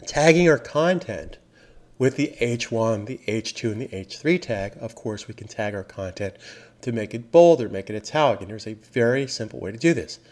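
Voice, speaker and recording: A man teaching web design software, narrating a screen recording in an upbeat, emphatic way and repeating key phrases. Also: medium pitch. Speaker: software trainer.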